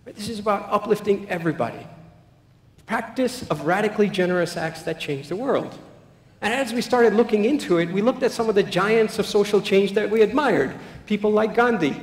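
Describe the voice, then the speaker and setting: A man giving a public talk full of stories, acting out quoted voices and dropping to a soft voice at key points. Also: high voice. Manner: animated, anecdotal, acts out quotes, soft-spoken at key points. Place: large hall. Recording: echoey hall with long reverb.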